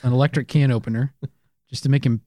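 A man co-hosting a comedy podcast, delivering absurd jokes in a deadpan way with chuckles. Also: mid-range voice, quick pace, no room sound, studio quality. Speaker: podcast co-host. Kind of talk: improvised comedy banter.

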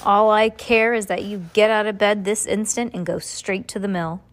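A woman reading aloud and voicing a rude, bullying male mill foreman who talks in a loud, slow, muffled bark. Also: medium pitch, steady tone, natural voice. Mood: scornful.

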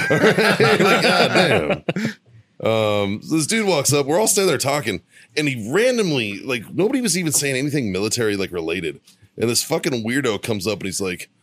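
A man's voice: medium pitch, fairly quick, dry recording. A man co-hosting a veterans' podcast, telling a bar story in casual chat, swearing often and laughing through it. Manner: profane, laughing, animated storyteller. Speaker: podcast co-host.

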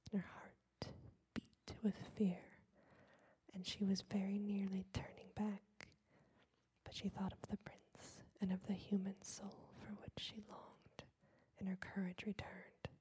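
A woman reading a fairy tale aloud in a soft, unvoiced whisper for ASMR. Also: medium pitch, husky, rough recording. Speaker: storyteller.

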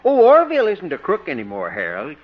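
An actor playing an easygoing, gentle small-town marshal in a 1940s radio comedy, with a mild, folksy manner. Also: male voice, on the high side, huge pitch swings, a little fast. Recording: dull old radio recording, faint hiss.

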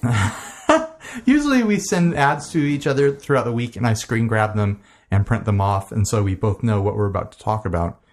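A man's voice: lowish voice, expressive, normal speed. A man co-hosting a casual podcast, chatting in a rambling, enthusiastic way and laughing easily. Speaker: podcast co-host. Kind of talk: casual chat.

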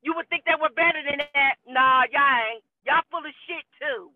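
A man's voice: very high voice, moderate pace, dry recording. A man calling in to a live stream, ranting profanely and indignantly in a heated, repetitive way. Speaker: caller. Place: in a car. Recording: tinny phone line.

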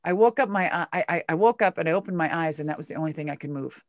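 A middle-aged woman telling a story as an interview guest, animated, swearing and making vocal sound effects. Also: low-pitched, quick pace, no echo, clean studio sound. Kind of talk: casual storytelling.

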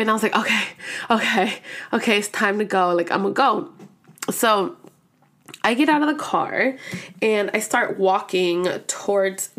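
Young female vlogger, casual storytime delivery, lively and profane, acts out the people she quotes. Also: mid-range voice. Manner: animated, swearing, acts out quoted voices.

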